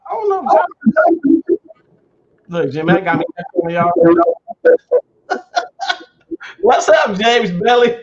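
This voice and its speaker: Laid-back high-voiced man hosting a livestream. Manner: loose, laughing, greets viewers by name. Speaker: livestream host. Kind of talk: casual livestream chat. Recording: dull lo-fi stream audio.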